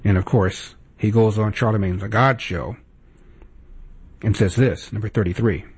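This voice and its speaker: A man with a gravelly voice hosts a political commentary segment. His tone is sarcastic and indignant, and there's a husky edge to how he talks. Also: on the low side, normal speed, darkish tone. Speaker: host.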